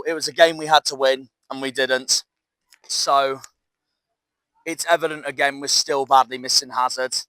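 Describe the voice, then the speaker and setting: A man's voice: medium pitch, sharp tone, no room sound. A man, a football fan vlogger ranting outdoors by a marina, angry and despondent, with swearing. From South West England. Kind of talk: fan rant vlog.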